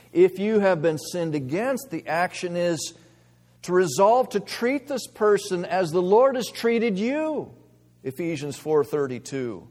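A man preaching a sermon as pastor, earnest, moving between quiet reflection and emphatic stress. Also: sits high. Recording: long reverb of a large hall.

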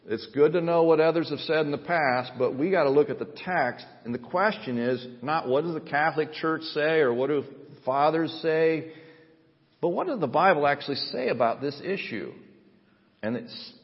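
A man preaching a sermon in a measured, earnest way, pressing his points with emphatic rises. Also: fairly high pitch, expressive. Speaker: pastor. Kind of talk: sermon with scripture reading. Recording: dull sound with long hall reverb.

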